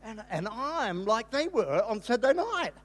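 Older male pastor, high-pitched, animated storyteller who rambles and restarts, with sudden shouted bursts. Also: moderate pace, soft background music. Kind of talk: storytelling sermon.

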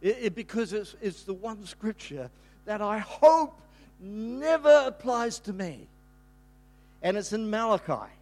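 An older man, a pastor, telling a rambling, animated story in a sermon, breaking into sudden shouts. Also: high-pitched.

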